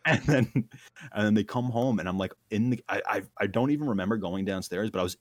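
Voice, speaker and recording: A man's voice: fairly low pitch, a little fast, dry recording. A young man telling a long, wild story in casual chat, full of slang, fillers and laughs at himself.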